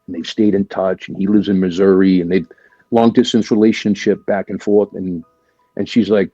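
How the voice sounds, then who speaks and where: A man with a low, husky voice recounts his past in a candid, profane way and peppers it with "right?" His tone is dark and mellow. The audio is dry and a bit dull, with faint music under it. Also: fairly even intonation, a little fast, no echo. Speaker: podcast guest, military veteran. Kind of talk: casual storytelling.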